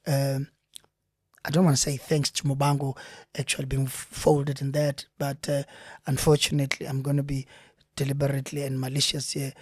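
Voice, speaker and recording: A middle-aged South African man, a veteran actor, chatting in an interview and telling lively stories with many restarts. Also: moderate pace, no echo, clean studio sound. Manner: animated storyteller, lively pitch swings, many restarts. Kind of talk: casual interview chat.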